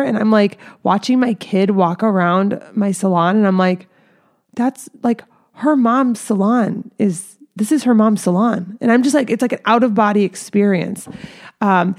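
A woman's voice: mid-range voice, darkish tone. Rambling, heartfelt woman hairstylist. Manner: rambling, many fillers and restarts, emotional. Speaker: hairstylist and salon owner. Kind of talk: casual reflective monologue.

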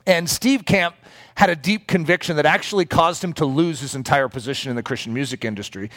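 A middle-aged man preaching in a storytelling way, animated and breaking into acted-out quotes. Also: a little high, a little fast. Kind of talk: storytelling sermon.

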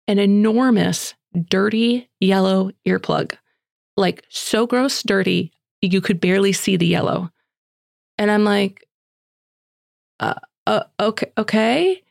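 Gravelly-voiced woman podcast host. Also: mid-range voice, takes it slowly, no room sound, studio quality. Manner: chatty, animated storytelling with voiced quotes. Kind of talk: faith podcast monologue with prayer and stories.

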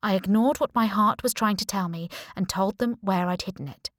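A woman reading a first-person novel aloud with a wry, sardonic edge. Her voice sits at a middle pitch, and the recording is dry and close. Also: fairly quick, no echo. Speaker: audiobook narrator. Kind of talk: first-person scripted narration.

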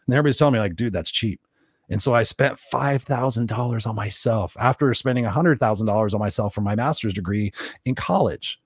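Fast-talking, blunt motivational man. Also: medium pitch, dry recording, studio quality. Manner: blunt, swears a lot, animated, acts out quoted people. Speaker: podcast host. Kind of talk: unscripted motivational talk. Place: Los Angeles.

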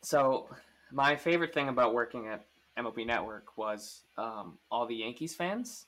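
Bright-voiced man rambling casually. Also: mid-range voice, animated, moderate pace. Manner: rambling, full of fillers and restarts. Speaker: podcast host. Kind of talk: casual sports chat.

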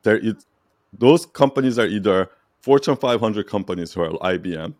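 Low-voiced man coaching emphatically. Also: animated, normal speed, a little mellow, no room sound, studio quality. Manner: emphatic, repeats phrases, frequent "right?" and light laughs. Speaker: brand strategy coach. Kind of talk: casual coaching session.

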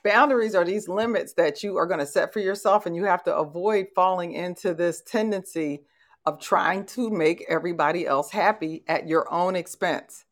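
A middle-aged woman hosting a conversational motivational talk, telling stories and laughing easily. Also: fairly low pitch. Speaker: host.

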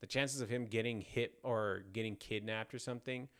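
A man in his thirties, a father and podcast co-host, telling a story in a relaxed casual chat and laughing easily. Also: fairly low pitch, normal speed, clean tone.

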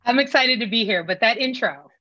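A woman's voice: a little high, expressive, brisk, bright, forceful tone, no echo. A woman guesting on a podcast, talking in a wry, self-deprecating way. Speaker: podcast guest, school leadership program director. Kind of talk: casual podcast chat. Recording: dry, dull lo-fi sound.

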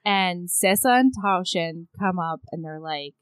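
A woman's voice: fairly low pitch, a little slow, clean tone, no room sound, poor audio. A woman co-hosting a podcast, chatting casually about a book, frank and profane, laughing often. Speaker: podcast co-host.

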